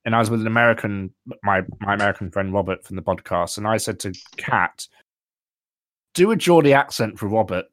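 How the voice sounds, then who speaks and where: A man's voice: fairly low pitch, fairly quick, fairly bright tone. A man from England, a guest, chatting casually on a podcast with lots of fillers. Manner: chatty, filler-heavy, rambling. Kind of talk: casual chat.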